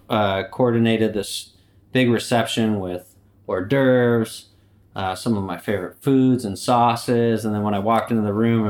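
A man's voice: fairly low pitch, lightly acted. A man playing a boastful, swaggering personification of human error in a comedic interview. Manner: swaggering, boastful, laid-back. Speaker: company anti-mascot guest.

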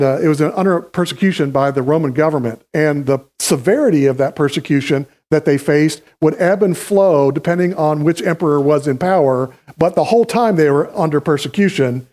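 Male pastor, slightly high voice, relaxed teaching tone, directs volunteers on stage. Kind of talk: sermon. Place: church stage.

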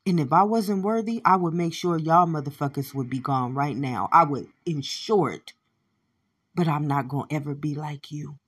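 Low husky woman ranting and cursing. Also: normal speed. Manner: swears constantly, repeats phrases, swings from shouting to low mutters. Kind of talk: angry profane monologue.

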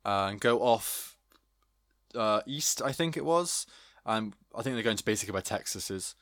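A man's voice: lowish voice, expressive, moderate pace, a bit bright, no echo. A man chatting eagerly about a video game, often tripping over his words. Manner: enthusiastic, stumbles over words.

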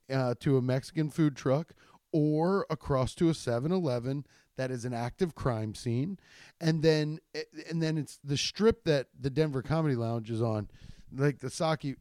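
A man's voice: mid-range voice, normal speed, mellow, no echo, clean studio sound. A man, a stand-up comedian, telling rambling, profane stories in a casual chat with many restarts. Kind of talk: casual storytelling podcast.

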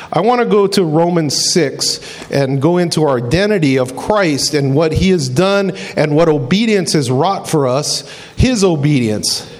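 A man preaching a sermon in an animated way, repeating phrases and acting out quoted voices. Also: fairly high pitch. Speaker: pastor.

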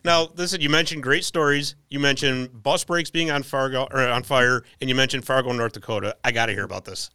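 A man's voice: medium pitch, pushed and bright, smooth, dry recording. A man hosting a casual hockey podcast, eagerly prompting his guest for stories. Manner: eager, quick reactions and laughter. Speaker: podcast host. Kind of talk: casual interview chat.

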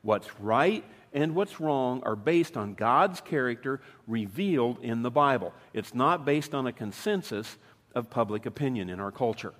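A man's voice: medium pitch, expressive, moderate pace, a bit bright. A man in his fifties preaching a sermon in a conversational way, asking his listeners questions. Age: 50s. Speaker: pastor. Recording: long hall reverb.

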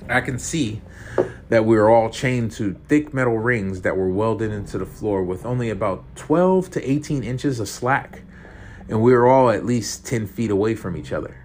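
A man's voice: fairly low pitch, lively intonation, moderate pace, a little mellow, slight background noise. A man narrating a first-person horror story, tense and profane.

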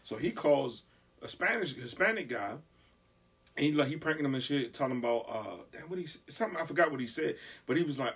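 A man talking fast and loose in a casual chat, his voice husky and set back from the mic. He is an animated storyteller who swears freely and throws himself into voicing the people in his stories. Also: fairly high pitch, distant mic.

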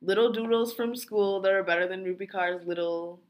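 A woman's voice: medium pitch, a little fast. A young woman co-hosting a podcast, blunt and sardonic in casual opinionated chat, with lots of "like". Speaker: podcast co-host.

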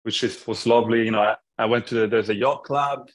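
A man chats casually as a podcast guest, telling a long anecdote. His voice sits at a middling pitch, and he jokes around and often restarts his sentences. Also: steady tone, fast talker. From Italy. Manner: storytelling, jokey, many restarts. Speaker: app founder, podcast guest. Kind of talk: casual chat.

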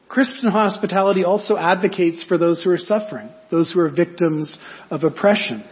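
Man, sermon, fairly high voice, conversational preaching, rhetorical questions, muffled recording. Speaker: pastor.

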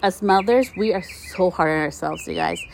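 A woman's voice: fairly low pitch, wildly swooping pitch, normal speed, a little hiss or hum. A woman hosting a podcast, talking casually and encouragingly to listeners as a mother, recorded outside her country home. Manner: warm, chatty, encouraging, addresses listeners as "you guys". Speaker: podcast host. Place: outdoors near a country house. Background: birdsong.

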